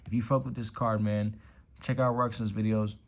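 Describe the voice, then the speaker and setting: A deep-voiced guy hosts a casual YouTube vlog from a room at home by a window, showing off his card collection. He's laid-back and slangy, swears a bit, and sometimes drops to a whisper over the cards, with a flat delivery at a moderate pace.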